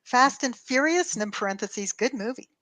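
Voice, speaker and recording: A woman talks through a long personal story, acting out both sides of every exchange in her own voice. She swears freely and keeps a casual, animated tone. The sound is dry and close, with no room echo. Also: fairly high pitch, moderate pace. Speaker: co-host telling a story.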